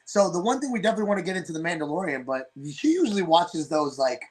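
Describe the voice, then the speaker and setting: A middle-aged man, a wrestler, telling lively stories in an interview and laughing as he acts out what others said. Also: high voice, very fast. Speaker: wrestler in a father-daughter tag team. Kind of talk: animated storytelling in an interview.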